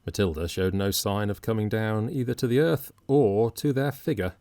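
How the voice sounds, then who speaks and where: A man narrating an audiobook in a measured, wry storytelling manner. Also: on the low side, warm tone, no echo.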